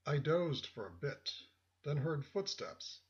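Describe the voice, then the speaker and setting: A man reading a first-person story as narrator, in a measured, reflective way. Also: a little high, lively intonation, a little mellow. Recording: dull lo-fi audio.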